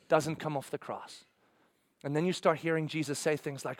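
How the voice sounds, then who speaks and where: A man preaching with a high-pitched voice, acting out a story's dialogue with dramatic swings. The sound is dry and close, with no room echo. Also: sing-song, a little fast, fairly bright tone. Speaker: pastor. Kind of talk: sermon.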